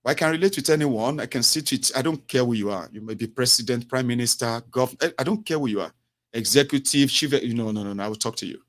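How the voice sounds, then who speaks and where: A man's voice: medium pitch, fast, fairly bright tone. A man, hosting a talk show in a loose, expansive monologue with frequent "eh" and "you know". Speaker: show host.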